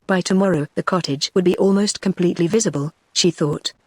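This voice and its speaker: A woman's voice: fairly low pitch, fairly quick, a little mellow, slightly rough, no echo. Synthetic British woman narrating a novel. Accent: British English. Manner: evenly paced synthetic reading. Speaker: audiobook narrator. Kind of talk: scripted narration.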